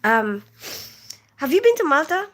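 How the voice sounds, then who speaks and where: Bright, chatty woman livestreaming. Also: sits high, sing-song, measured pace. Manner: chatty, rambling, frequent sighs. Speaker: livestream host. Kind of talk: casual live-stream chat, reading out comments. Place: London.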